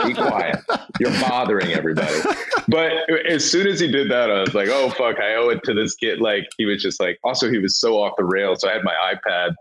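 A man chatting casually on a podcast, telling an animated story with frequent swearing and laughter. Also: lowish voice, a little fast, hardly any pauses, a crowd in the background, poor audio.

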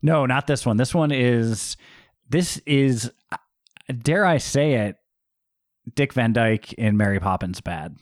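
A man's voice: mid-range voice, slow pace, long pauses, dry recording, studio quality. A man co-hosting a podcast, talking emphatically and casually about a movie. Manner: emphatic, conversational, frequent fillers. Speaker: podcast co-host. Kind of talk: casual movie review chat.

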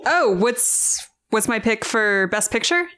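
A woman speaking as a podcast co-host in a casual film discussion, hesitant and unhurried. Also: a little high, animated, fairly bright tone, smooth. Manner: slow, hesitant.

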